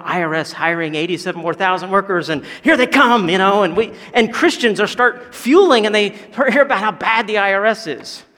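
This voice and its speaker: A man preaching a sermon, animated and swinging between hushed, slow lines and loud, emphatic ones. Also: high-pitched, big-room sound. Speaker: pastor.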